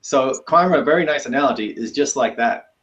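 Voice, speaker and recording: A man's voice: mid-range voice, lively intonation, fairly quick, fairly bright tone. A man co-hosting a casual talk show, easygoing and joking, on a dull lo-fi remote line. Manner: easygoing, joking, laughs between thoughts. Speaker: co-host.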